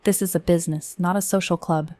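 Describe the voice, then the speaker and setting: A stern, bossy café manager who snaps out curt orders and scolds her staff, voiced by a woman. The voice sits low for a woman and is recorded close and dry, with no room sound. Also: fairly even intonation, a little fast, darkish tone, no room sound, natural voice. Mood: curt scolding.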